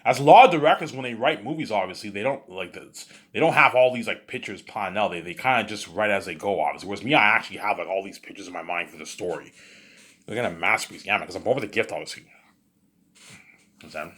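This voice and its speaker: A man's voice: fairly low pitch, fast talker, a bit bright, husky. A man telling an improvised story in a rambling, boastful way, full of stumbling restarts and repeated filler phrases. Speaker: storyteller, vlogger.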